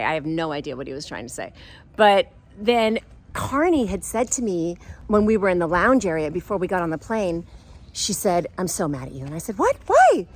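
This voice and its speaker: A middle-aged woman casually telling a personal story, playful and giggly, acting out quoted voices. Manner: animated, acts out quoted voices with big pitch jumps.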